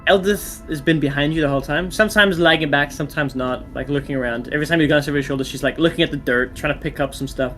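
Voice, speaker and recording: Male game master, slightly high voice, stop-start narration, music bed behind. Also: a bit bright. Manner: halting narration with many restarts. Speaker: dungeon master.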